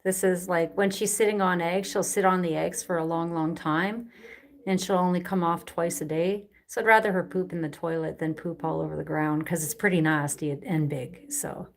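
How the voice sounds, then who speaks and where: A woman chatting casually through a home vlog, slipping into high cooing baby talk with her pet birds. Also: steady tone, normal speed, gravelly. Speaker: pet bird keeper and vlogger. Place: indoors at home among plants and birds.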